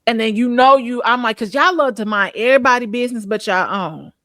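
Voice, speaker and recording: Brief: woman podcast co-host, blunt and exasperated, high voice, dry close sound. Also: brisk, pushed and bright, no echo. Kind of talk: casual chat.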